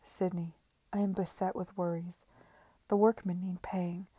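A woman reading the part of an anxious, fretful gentleman in an audiobook, worried and pleading. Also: fairly low pitch, level tone, unhurried, breathy edge, no echo.

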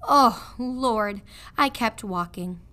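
A woman voicing a guilty, weepy middle-aged prisoner in a storybook read-aloud, pleading and plaintive with rough grammar. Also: fairly high pitch, animated, drawn-out words, pushed and bright, exaggerated voice. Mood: remorseful.

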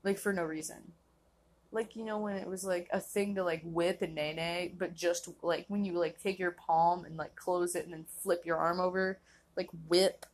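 A woman's voice: lowish voice, steady tone, moderate pace. A young woman hosting a casual solo podcast, rambling and laughing often, filling her talk with "like". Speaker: podcast host.

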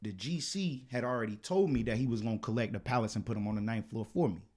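A man co-hosting a podcast, telling a work story in casual, profane chat that turns loud and heated. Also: medium pitch, fast talker. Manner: animated, profane, gets loud and heated retelling arguments. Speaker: podcast co-host.

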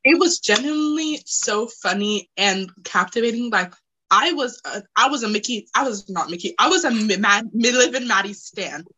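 A young adult woman co-hosting a podcast, chatting casually in an excitable, giggly way. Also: fairly high pitch, slightly rough, low-quality recording. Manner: excitable, giggly, quick to laugh. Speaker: podcast co-host. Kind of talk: casual chat.

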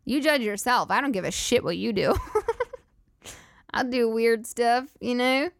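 A woman's voice: fairly high pitch, unhurried, gravelly, no room sound, clean studio sound. A woman hosting a comedy podcast, rambling through profane, giggly riffs. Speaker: podcast host. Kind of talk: casual comedic monologue.

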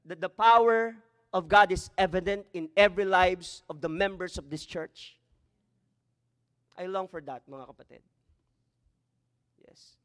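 A man's voice: high-pitched, unhurried, long pauses, a bit bright. A man preaching a sermon as pastor, slipping Tagalog phrases into his English. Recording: echoey hall.

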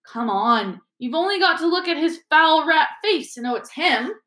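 A woman's voice: high voice, expressive, normal speed, pushed and bright, pitched above the performer's own voice. A woman voicing a grumpy, sarcastic teenage schoolboy, in an echoey room. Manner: sarcastic, irritable.

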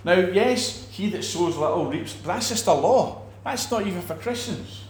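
A man teaching about faith in a relaxed talk, animated, acting out quoted people and restarting his sentences often. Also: high voice, normal speed, roomy sound. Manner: animated, acts out quoted preachers, many restarts. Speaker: preacher.

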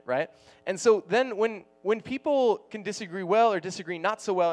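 A man's voice: fairly high pitch, a little hiss or hum. Joking, casual man preaching a sermon. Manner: casual, joking, laughs often. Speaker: youth pastor.

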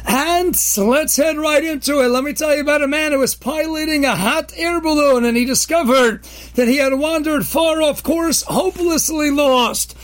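A man with Orthodox Jewish English speech giving a short inspirational talk, animated, with sudden emphatic near-shouts and many filler sounds. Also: very high-pitched, normal speed. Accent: Orthodox Jewish English with Hebrew and Yiddish terms. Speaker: rabbi giving daily inspiration.

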